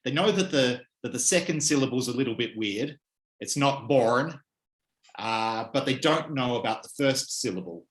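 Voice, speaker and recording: A man's voice: mid-range voice, expressive, moderate pace, fairly bright tone, roomy sound. A man from Melbourne with an Australian accent, co-hosting a casual chat with wry explanations. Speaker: podcast co-host. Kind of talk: casual conversation.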